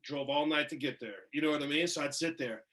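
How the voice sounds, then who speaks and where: A man telling casual, animated stories in an interview, swearing and laughing as he goes. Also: on the high side, fast. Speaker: wrestler guest. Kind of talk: casual storytelling in a shoot interview.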